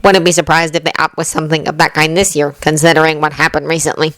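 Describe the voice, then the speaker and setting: A woman's voice: low-pitched, level tone, fast, fairly bright tone, no room sound. A woman voicing a serious, proper teenage boy. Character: serious dutiful teenage class leader boy. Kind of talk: fanfiction reading.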